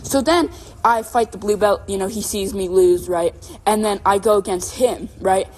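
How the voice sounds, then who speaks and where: A young woman co-hosting a podcast, telling a long story in a casual, animated, rambling way with lots of fillers and "right?" checks. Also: mid-range voice, normal speed. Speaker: podcast co-host.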